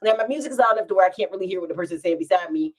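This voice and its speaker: A woman vlogger speaks rapid-fire in a voice on the low side, relaxing at home as she tells a wandering story. Her delivery is animated, and laughs pop up again and again.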